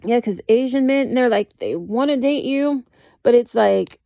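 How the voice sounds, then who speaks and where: A woman's voice: on the high side, measured pace, creaky, mellow. A woman talking in a casual, rambling vlog monologue, full of "like" and restarts as she tells dating stories. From United States. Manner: rambling, heavy use of "like", frequent restarts. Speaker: vlogger.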